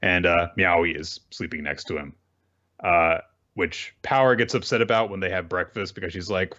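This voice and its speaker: A podcast co-host on a casual talk show recaps manga chapters, acting out characters' lines in quick voices and laughing often. His voice sits low, and the sound is lo-fi.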